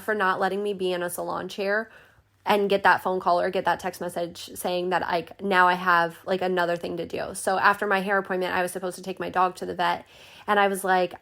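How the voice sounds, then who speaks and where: Gravelly-voiced chatty young woman. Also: on the low side, little pitch movement, brisk, fairly bright tone. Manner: chatty, swears freely, many "like" fillers, acts out quoted voices. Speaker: podcast host. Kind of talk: casual storytelling monologue.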